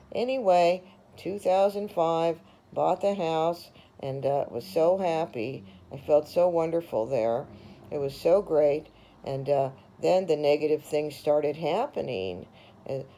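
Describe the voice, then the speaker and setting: A woman's voice: low-pitched, warm tone, low-quality recording. A middle-aged woman, a former realtor, telling her own story in a rambling, aggrieved monologue full of fillers and restarts. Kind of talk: personal monologue.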